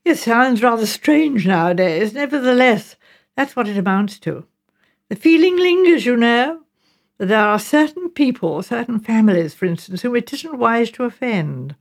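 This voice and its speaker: A woman reading the part of a calm country doctor who explains things in a patient, measured way in an audiobook. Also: a little high. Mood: grave, explaining. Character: kindly country doctor, man, calm and thoughtful.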